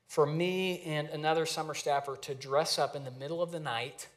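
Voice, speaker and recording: A man in his thirties preaching a sermon in a conversational, storytelling way with lively asides. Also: on the high side, moderate pace. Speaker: pastor.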